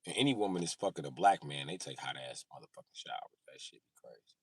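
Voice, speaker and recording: A man's voice: rumbling low, expressive, fast, husky, no echo. A male comedian telling crude, profane stand-up stories on a live stream.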